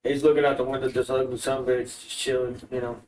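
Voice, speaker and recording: A man's voice: medium pitch, little pitch movement, fast, darkish tone. Crude, joking man at a game table. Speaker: player. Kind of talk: casual tabletop game chat. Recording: roomy, distant from the mic, faint background noise.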